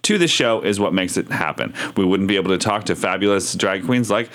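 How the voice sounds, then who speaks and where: Male co-host, lower pitch, even announcement delivery. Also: a little fast. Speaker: podcast co-host. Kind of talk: casual podcast chat.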